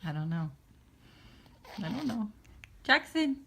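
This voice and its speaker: A woman's voice: medium pitch, very animated, slow, a bit bright, slight background noise. A woman in a home video, playing with a baby in cooing baby talk and doing fake sneezes. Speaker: family member playing with a baby.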